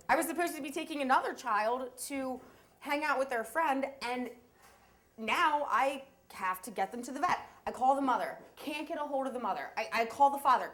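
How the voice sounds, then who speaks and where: A young woman telling a true story at a live story slam, animated and breathless, laughing as she goes. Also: high voice. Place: live event stage.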